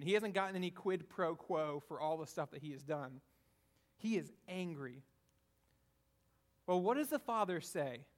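A man preaching a conversational sermon, retelling a parable and often checking in with "right?". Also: high voice.

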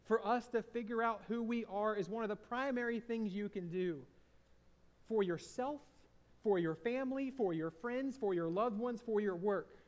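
A man's voice: high-pitched, moderate pace. A man speaking to an audience, a former hospital chaplain telling a personal story in an earnest, confessional way and repeating phrases for emphasis.

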